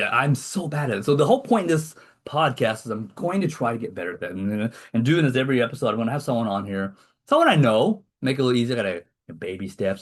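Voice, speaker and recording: A man hosting a casual podcast over a video call, rambling and self-deprecating as he talks. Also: lowish voice. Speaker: podcast host. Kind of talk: casual chat.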